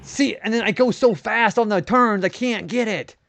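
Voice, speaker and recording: A man's voice: sits high, moderate pace, fairly bright tone, soft background music. A young man streaming a retro game, rambling casually about his day and swearing when he misses a turn. He describes his own voice as nerdy. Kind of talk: casual gaming stream chat.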